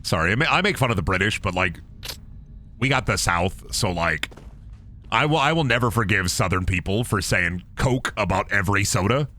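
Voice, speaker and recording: A man's voice: lowish voice, lively intonation, moderate pace, sharp tone. A man streaming a game, rambling through profane, jokey asides. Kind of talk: casual gaming commentary.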